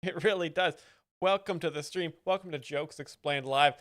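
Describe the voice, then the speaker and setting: A man's voice: fairly high pitch, normal speed, a bit bright. A man hosting a live comedy stream in a playful, hyped, upbeat way. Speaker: stream host. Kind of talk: casual live-stream chat.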